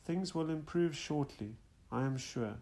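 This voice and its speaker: A man's voice: on the high side, measured pace, dark tone, pitched above the performer's own voice. A man reading the polite, reassuring lines of a grown son at a séance in an audiobook.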